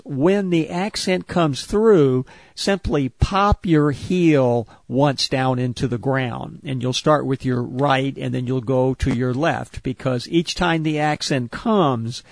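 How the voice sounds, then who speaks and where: A man calmly explaining a movement exercise step by step, repeating each point with care. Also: medium pitch, creaky, no echo. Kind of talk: step-by-step instruction.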